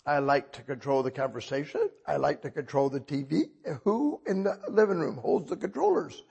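An older man preaching a sermon in a husky voice, talking conversationally and asking the congregation frequent questions. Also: a little high, animated, normal speed, darkish tone. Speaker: pastor.

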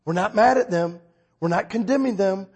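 A man preaching a conversational sermon, telling stories and acting out dialogue with sudden loud outbursts. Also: sits high, normal speed, slightly rough.

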